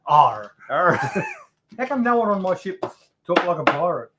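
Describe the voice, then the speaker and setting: A man's voice: sits high, huge pitch swings, moderate pace, very noisy. A man, co-hosting in a laid-back, joking way. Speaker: co-host. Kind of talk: casual banter.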